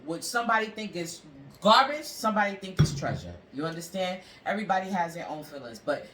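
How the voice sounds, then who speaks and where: A woman's voice: lowish voice, lively intonation, brisk, music in the background. A woman giving relationship advice in a casual chat, talking bluntly and with emphasis, and often checking that the listener agrees. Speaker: relationship advisor guest. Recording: roomy, distant mic with faint background noise.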